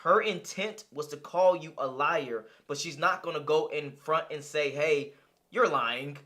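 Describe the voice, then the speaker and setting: A man's voice: fairly high pitch, normal speed, fairly bright tone. Heated, profane young man reacting to a clip. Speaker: reaction streamer. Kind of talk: casual reaction commentary.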